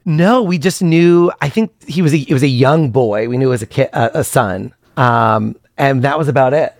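Man, podcast guest, wry storyteller, average pitch, dry close sound. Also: gravelly, no room sound. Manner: wry, animated storytelling with quick asides and laughs. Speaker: comedian guest. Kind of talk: casual storytelling interview.

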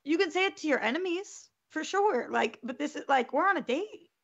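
Husky-toned young woman telling a story. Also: sits high, fairly quick, lo-fi sound. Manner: animated storytelling, swears freely. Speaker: podcast co-host. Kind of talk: casual chat.

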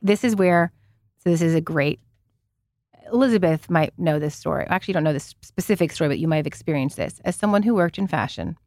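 A Canadian woman in her forties co-hosting a podcast, chatting casually and telling animated stories, swearing freely and laughing as she talks. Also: low-pitched, fast talker, no room sound, clean studio sound. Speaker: podcast co-host. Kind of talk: casual chat.

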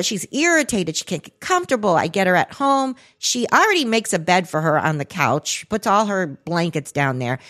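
Animated woman telling a story. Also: normal speed, few pauses. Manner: animated, acts out quotes with big pitch jumps. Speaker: podcast co-host. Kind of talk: casual storytelling chat.

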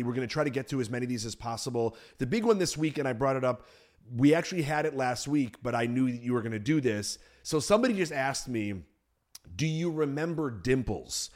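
A man hosting a comedy podcast at an ordinary middle pitch. He talks casually and jokes, dropping into quick impressions of cartoon characters as he tells stories. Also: darkish tone. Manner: jokey, slips into quick character voices. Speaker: podcast host.

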